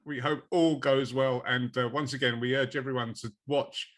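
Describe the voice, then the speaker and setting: A man's voice: mid-range voice, steady tone, moderate pace, a bit bright. A man interviewing a guest, asking questions in a friendly, easygoing manner. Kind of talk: casual interview.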